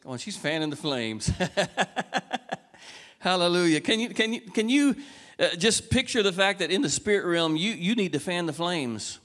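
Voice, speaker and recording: A man preaching a folksy sermon, asking the congregation questions and moving from quiet, casual talk to raised, urgent calls. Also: high-pitched, lively intonation, brisk, big-room sound. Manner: swings between soft conversational talk and raised, urgent exhortation. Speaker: pastor. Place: church sanctuary.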